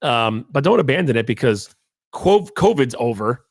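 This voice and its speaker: A man's voice: mid-range voice, normal speed, no room sound, clean studio sound. A man hosting a podcast, talking casually in a rambling, jokey monologue. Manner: animated, rambling, jokey asides. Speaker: podcast host.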